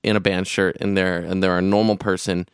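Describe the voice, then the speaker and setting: A man's voice: sits low, level tone, fast, clean tone, dry recording, clean studio sound. A young man co-hosting a podcast, chatting casually and rambling with many restarts and fillers. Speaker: podcast co-host recounting a festival trip. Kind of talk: casual chat.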